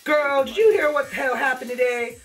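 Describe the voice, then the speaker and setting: A man voicing a sassy, gossiping woman who curses and complains loudly. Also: extremely high pitch, normal speed, pitched above the performer's own voice. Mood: gossipy. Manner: brassy, cursing, exaggerated. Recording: distant mic with faint music.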